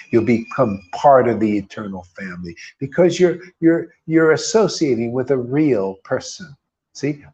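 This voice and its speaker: A man's voice: mid-range voice, a little mellow. A middle-aged man giving an informal scripture sermon, emphatic, with rhetorical questions and repeated key words. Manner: emphatic, keeps calling listeners "man". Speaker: spiritual teacher. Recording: dull lo-fi recording.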